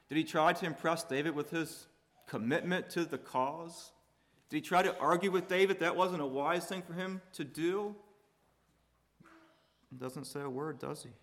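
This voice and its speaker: A man preaching a sermon, building to loud emphatic peaks and dropping low and quiet between points. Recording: hall reverb.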